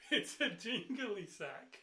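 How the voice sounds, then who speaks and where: Bright-voiced man running a tabletop game. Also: high-pitched, very animated, slow pace, reverberant, slight background noise, low-quality recording. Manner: loose, rambling narration with fillers and sudden loud bursts for characters. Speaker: game master.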